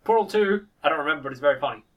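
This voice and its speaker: A man chatting casually about video games, rambling and animated, with quick impressions. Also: a little high, far from the mic, lo-fi sound. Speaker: podcast co-host.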